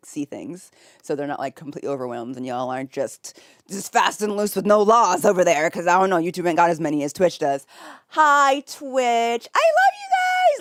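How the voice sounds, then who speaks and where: A woman streamer greets her chat and talks casually from her home office, giggly and effusive with frequent laughs. Her voice is low-pitched, and the studio-quality recording has no echo.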